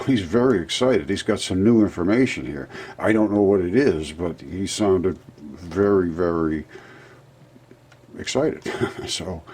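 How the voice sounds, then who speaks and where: A man in his seventies narrating over a map, insistent, rebutting doubters and jumping up in pitch when pointing things out. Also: a little mellow, slightly rough. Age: 70s. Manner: insistent, rebutting imagined objections. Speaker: presenter of a fringe geology channel.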